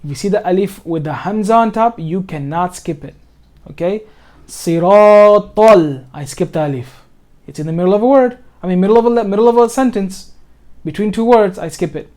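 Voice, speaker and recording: A man giving an informal tajweed lesson over a screen share, patient, repeating himself with many fillers and slowing down to recite each phrase. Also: high voice, warm tone. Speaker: Quran recitation tutor.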